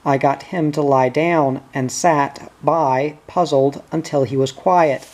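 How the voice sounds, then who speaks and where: A reader voicing a worried middle-aged country wife, telling her troubles slowly. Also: mid-range voice, fairly even intonation, a little mellow, lightly acted. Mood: troubled.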